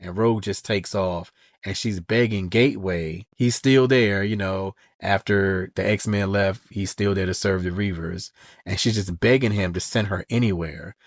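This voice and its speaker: A man with a lowish voice hosts a podcast and walks through a comic book storyline. He talks casually and slips into the characters' quoted lines as he goes. The sound is close and dry. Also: fairly even intonation, normal speed, no room sound. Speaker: podcast host.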